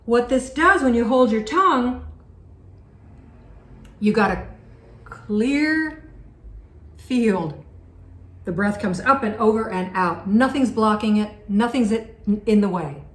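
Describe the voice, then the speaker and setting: A woman's voice: on the high side, animated, takes it slowly, pauses often, a bit bright. A woman teaching singing in a conversational, encouraging way, breaking off to demonstrate sung vowels. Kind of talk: vocal lesson with sung demonstrations. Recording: echoey room with faint background noise.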